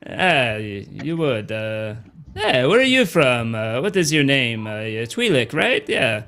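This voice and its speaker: A man voicing a gruff, suspicious male alien doorman who guards a tavern entrance in a space tabletop game. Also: mid-range voice, very animated, takes it slowly, pauses often, pushed and bright, heavily acted.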